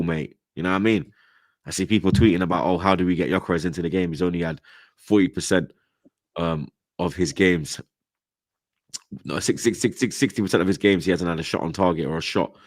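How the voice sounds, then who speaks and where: A young London man with a very low voice rants about football as host of a casual podcast. His talk is full of street slang and swearing, and it keeps climbing into loud, exasperated outbursts. The sound is dry and close, with almost no room around it. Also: fast talker, dry recording. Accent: London, multicultural London English slang. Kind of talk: heated casual football chat.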